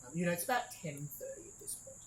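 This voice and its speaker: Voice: medium pitch, huge pitch swings, fast, roomy sound, a little hiss or hum, pitched above the performer's own voice, rough recording. A GM doing a polite hesitant librarian. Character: prim female librarian.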